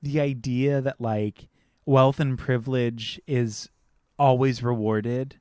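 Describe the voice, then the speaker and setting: A man's voice: mid-range voice, steady tone, slow pace, dark tone, clean tone, dry recording, studio quality. A man co-hosting a podcast in casual film chat, earnest, repeating phrases as he thinks and acting out quotes. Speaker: podcast co-host.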